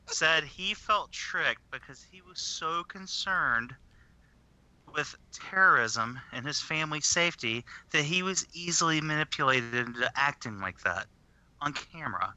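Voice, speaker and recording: A man co-hosting a podcast in casual chat, talking in an animated, emphatic way with some swearing. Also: mid-range voice. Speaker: podcast co-host.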